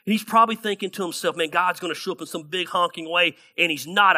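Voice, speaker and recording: A male pastor delivering a sermon with a bright, forceful voice that sits a little high. He talks animatedly and slips into the voices of the people in his Bible stories. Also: quick pace.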